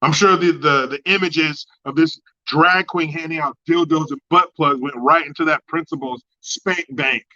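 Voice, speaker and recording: A man with a fairly high, bright, forceful voice rants through a livestream. He swears freely, mocks, and drops from loud outbursts to low mutters while reading chat. The sound is a bit dull and lo-fi. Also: moderate pace, hardly any pauses. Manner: profane, mocking, swings between loud outbursts and low mutters. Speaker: livestream host. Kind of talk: ranting commentary, reading chat.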